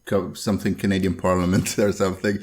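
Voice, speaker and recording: A man's voice: low-pitched, flat delivery, quick pace, a little mellow. A man hosting a podcast interview, asking earnest fan questions with "uh" and "like" fillers. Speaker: podcast host.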